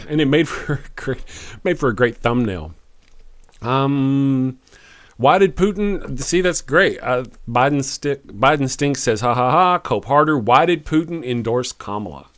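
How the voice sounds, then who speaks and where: A man hosting a live stream, reading chat comments out loud in a wry, chuckling, fast manner. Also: mid-range voice. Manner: animated, chuckling, wry, quick after lots of coffee. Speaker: live-stream show host.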